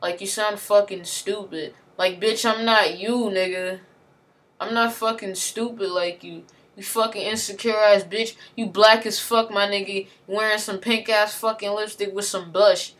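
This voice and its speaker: A woman's voice: medium pitch, fairly even intonation, unhurried, fairly bright tone. A woman in an angry, heavily profane rant, talking with slang and repeating herself as she vents. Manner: heated, profane, slangy, repetitive. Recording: voice from a distance.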